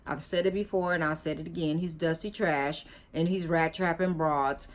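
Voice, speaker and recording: A woman's voice: deep voice, steady tone, moderate pace. A woman reacting to a video in a vlog, talking casually in slang, emphatic and repetitive, lecturing as she gives her opinion. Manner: emphatic, repeats herself, scolding and preachy; casual slangy talk, chewing gum.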